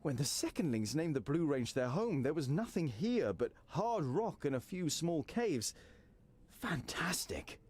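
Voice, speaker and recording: A man's voice: fairly high pitch, big pitch swings, unhurried, a little mellow. An actor playing a young bookish male dwarf in a fantasy video game, hesitant and stammering, full of curiosity. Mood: awed.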